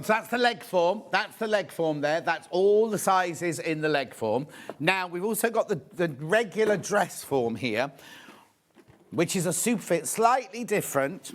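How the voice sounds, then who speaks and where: A man's voice: high voice, lively intonation, normal speed. A middle-aged man presenting a live shopping show, chatty and rambling, poking fun at himself as he reads out viewer questions. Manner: chatty, rambling, self-deprecating.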